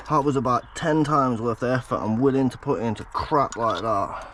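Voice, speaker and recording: A man's voice: mid-range voice, normal speed, hardly any pauses, noisy background. A man filming a car teardown, muttering and swearing in exasperation as he works on a stubborn part. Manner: exasperated, swearing, muttering to himself while working. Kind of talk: working commentary to camera.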